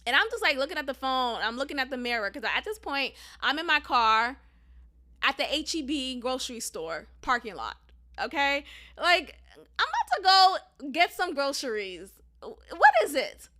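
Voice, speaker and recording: High bright-voiced woman podcaster, casual and emphatic, says y'all a lot, swears some. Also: moderate pace. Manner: emphatic, animated, profane, addresses listeners as y'all. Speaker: podcast host. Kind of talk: casual storytelling monologue.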